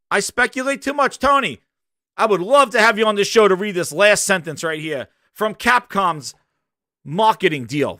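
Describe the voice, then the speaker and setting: A man's voice: high-pitched, expressive, normal speed. A young man hosting a gaming podcast, ranting emphatically and arguing straight at his listeners. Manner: emphatic, argumentative, addresses listeners directly. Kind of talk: animated opinion rant.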